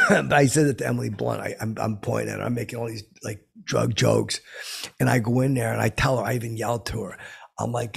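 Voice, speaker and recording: A man's voice: fairly low pitch, fairly even intonation, fairly quick, vocal fry, fairly bright tone, slightly rough. A middle-aged man hosting a comedy podcast, telling a rambling comic story full of fillers and profanity.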